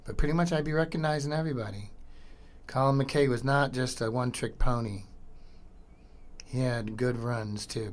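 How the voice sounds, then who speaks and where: A middle-aged man hosting a podcast, commenting casually and excitedly over old skateboarding footage, slangy and swearing. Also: mid-range voice, normal speed. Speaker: podcast host.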